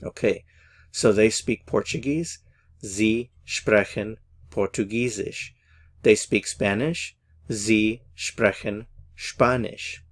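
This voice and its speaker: A man teaching a language lesson, saying example phrases slowly and carefully. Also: fairly low pitch. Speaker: German teacher.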